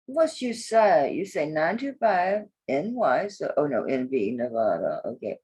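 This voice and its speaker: A woman's voice: deep voice, very animated, a little slow, a little mellow, breathy edge. A middle-aged woman chatting casually and bluntly while selling jewelry online, swearing freely as she talks. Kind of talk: casual live sales chat.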